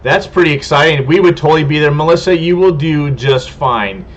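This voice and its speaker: Homestead livestream host, man from California, higher voice, friendly and rambling, dull lo-fi stream audio. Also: a little fast. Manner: rambling and friendly, stumbles over names. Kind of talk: casual livestream chat, reading viewer comments.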